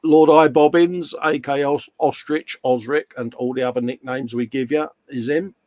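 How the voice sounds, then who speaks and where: A man co-hosts a live model-building stream, chatting casually and joking while reading viewer comments aloud. His mid-range voice is steady and darkish at normal speed, full of banter, and the recording is dry.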